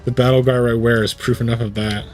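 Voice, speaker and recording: A man voicing a proud, vengeful male martial-arts rival from a video game, reading his lines slowly and solemnly. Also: mid-range voice, little pitch movement, darkish tone, faint music behind, close to an everyday voice.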